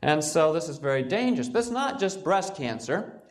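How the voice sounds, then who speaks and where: A man lectures on health as a physician, with a slightly raised voice. He tells stories in an animated way and acts out what his patients said. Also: on the high side, normal speed.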